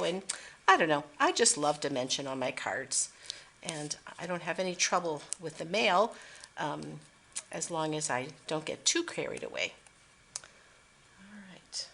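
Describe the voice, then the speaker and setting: A woman with a low, gravelly voice talks through a papercraft tutorial, chatty and unhurried, filling the pauses with thinking-aloud fillers. Faint background noise sits under her voice. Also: a bit bright. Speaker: papercraft demonstrator. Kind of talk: casual craft tutorial.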